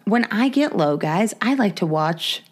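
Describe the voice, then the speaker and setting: A woman's voice: mid-range voice, animated, unhurried. A woman co-hosting a podcast, chatting casually about movies with lots of laughter and asides to listeners. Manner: chatty, laughs often, addresses listeners as guys. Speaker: podcast co-host. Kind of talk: casual chat.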